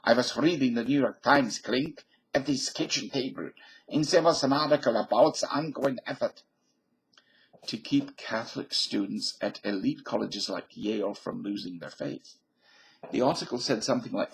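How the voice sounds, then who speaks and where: A man with a gravelly, fry-tinged voice at a middling pitch reads an article aloud on his channel. He keeps wandering into jokey asides. He fusses over how words should be pronounced. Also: moderate pace, poor audio. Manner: digressive, jokey, fussy about pronunciation. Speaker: YouTuber reading an article aloud. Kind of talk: casual read-aloud with digressions.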